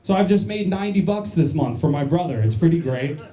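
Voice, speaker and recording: A man from New Jersey works a comedy club crowd with crude, self-mocking jokes and quick jabs at the audience. His voice sits a little high and has a mellow, unforced tone. The stage mic picks up the echoey room around him. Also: expressive, a little hiss or hum. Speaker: stand-up comedian. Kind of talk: stand-up set.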